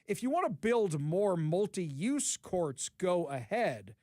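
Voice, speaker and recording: A middle-aged man hosts a casual talk show, acting out the people in his stories. His voice sits high and swings widely in pitch. The studio sound is dry and close. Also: takes it slowly, no echo. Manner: animated storyteller, acts out quotes. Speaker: radio talk show host. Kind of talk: casual chat.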